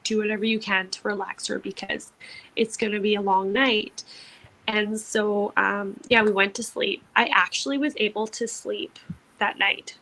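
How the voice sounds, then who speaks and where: A woman's voice: medium pitch, fairly bright tone, poor audio. Young woman podcast cohost, chatty storytelling, says like a lot, acts out what people said. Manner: chatty, lots of "like", acts out quotes. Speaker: podcast co-host. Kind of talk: casual storytelling.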